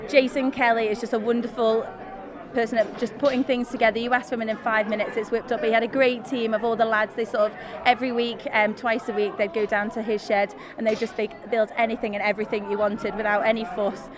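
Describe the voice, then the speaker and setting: A woman's voice: fairly high pitch, flat delivery, quick pace, a crowd in the background. A woman who is a teacher, talking enthusiastically about a concert she performed in. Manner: bubbly, enthusiastic, laughs often. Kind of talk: casual chat.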